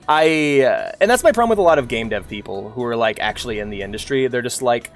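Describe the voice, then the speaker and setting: Young man, streamer, casual animated rant, mid pitch, light music behind. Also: fairly quick. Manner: animated, swearing, laughing ranter. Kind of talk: casual rant while gaming.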